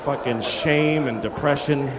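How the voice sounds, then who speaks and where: Speaking unhurriedly at medium pitch, a middle-aged man does stand-up at a comedy venue, sharing crude stories at his own expense and acting out quotes. Audience laughter and noise echo through the reverberant hall.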